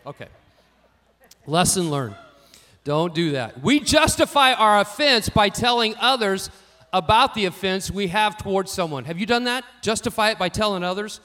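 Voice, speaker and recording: A man preaching a sermon, telling personal stories and swinging from quiet asides to louder emphatic lines. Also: high voice, normal speed. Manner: storytelling, varies loudness widely, rising for emphasis. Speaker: pastor.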